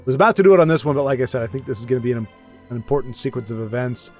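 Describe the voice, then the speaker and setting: A man's voice: medium pitch, rapid-fire, a little mellow, soft background music. A man casually commentating a card game match, chatty and self-deprecating, rambling with frequent restarts.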